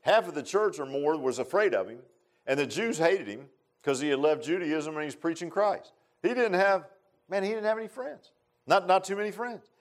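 A man's voice: on the high side, lively intonation, moderate pace. Folksy, rambling man preaching. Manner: folksy, rambling, repeats phrases and says "man" often. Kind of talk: informal evening sermon.

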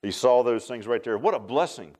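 A man preaching a sermon in a folksy storytelling way, swinging between loud exclaims and low asides. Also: expressive, brisk.

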